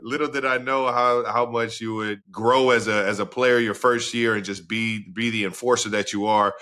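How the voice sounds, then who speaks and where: Man in his thirties, bright tense voice, excitable podcast co-host, laughing as he talks. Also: on the low side, moderate pace. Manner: excited, animated, laughs mid-sentence. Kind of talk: casual chat.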